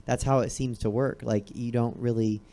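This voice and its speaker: A man's voice: mid-range voice, fairly even intonation, moderate pace, dark tone. A man hosting a talk show, asking questions in a hesitant, searching way. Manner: hesitant, inquisitive, restarts questions. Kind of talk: casual interview chat. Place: comedy theater stage.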